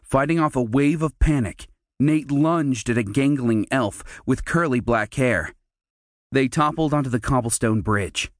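A male audiobook narrator who reads a children's fantasy adventure at an unhurried, deliberate pace. His voice sits at an everyday middle pitch, recorded close and dry in a studio with no room sound. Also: no echo. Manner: measured, unhurried storytelling.

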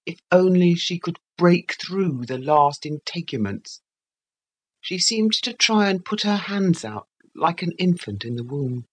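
Woman reading an old novel aloud, slow and unhurried, kinda husky. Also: low voice. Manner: measured, literary reading. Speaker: audiobook narrator. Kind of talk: scripted narration of a classic novel.

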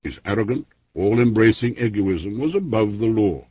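A man narrates a history audiobook in a formal, measured reading, his low voice rising and falling with lively emphasis. The tone is husky. The recording is dry and a little dull, like an older studio tape. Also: no echo. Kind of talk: scripted narration of a history book.

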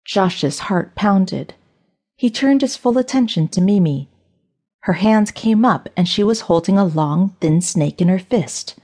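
A woman narrating an audiobook for children in a steady, storytelling way. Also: mid-range voice, unhurried. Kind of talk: scripted narration.

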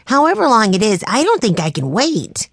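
A woman's voice: wildly swooping pitch, vocal fry, dry recording, heavily acted. A woman narrator voicing an eager, hungry little boy in a children's audiobook. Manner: high, slow and wide-eyed.

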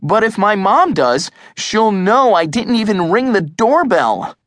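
A male narrator plays a sensible boy who has run out of patience, for a storybook. He pitches up above his own voice with lively ups and downs. The sound is close and dry. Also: a little slow, no room sound, exaggerated voice. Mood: exasperated. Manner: exasperated, matter-of-fact. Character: level-headed boy, impatient and sarcastic. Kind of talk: audiobook character voice.

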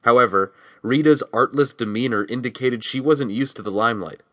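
A man giving steady scripted audiobook narration, reading a novel and voicing its dialogue quietly. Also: mid-range voice, a little fast, dry recording.

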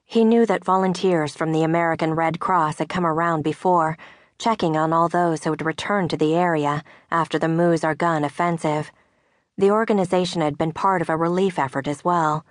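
A woman narrating an audiobook in a measured, soft-spoken way. Her voice sits slightly low for a woman. The studio recording is dry and close. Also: fairly even intonation, no room sound. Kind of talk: scripted narration. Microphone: studio mic.

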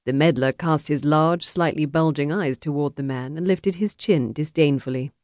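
A woman narrating an unabridged historical romance audiobook in a measured storytelling manner. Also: low voice, a little mellow, dry recording. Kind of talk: scripted narration. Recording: dry, close studio audiobook.

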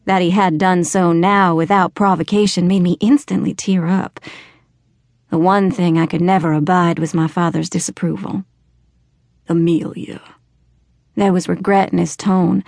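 A woman reads an audiobook aloud in a measured, steady first-person voice. Her tone sits low with a gravelly fry, and the sound is close and dry. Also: no echo. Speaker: audiobook narrator. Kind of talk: scripted audiobook narration.

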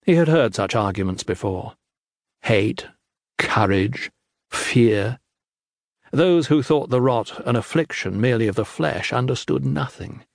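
A man narrating an epic fantasy audiobook in a measured, grave manner. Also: medium pitch, lively intonation, vocal fry, dry recording, clean studio sound. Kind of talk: scripted narration.

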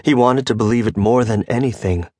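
A man giving a measured, scripted audiobook narration on a close studio mic. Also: medium pitch, dark tone, no echo. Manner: measured storytelling delivery.

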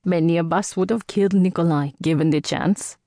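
A woman's voice: lowish voice, fairly quick, mellow, no echo, clean studio sound, close to an everyday voice. A woman voicing a wary, nervous immortal man with an Indian accent who speaks in a challenging way in an audiobook. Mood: dry. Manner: questioning, challenging.

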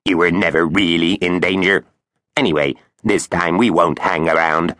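Guy putting on a quacky show-off robot toilet voice, low and pushy, kids audiobook. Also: moderate pace, no room sound, clean studio sound. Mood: boastful. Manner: bragging, impatient, excitable. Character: boastful talking robot toilet, male.

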